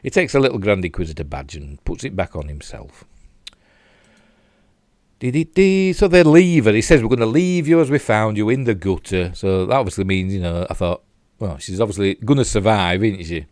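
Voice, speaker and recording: An older Yorkshireman talks fast with few pauses in a low, slightly mellow voice with lively intonation, casually reviewing a TV episode. He replays clips while rambling with fillers and self-mocking asides. There's no room sound.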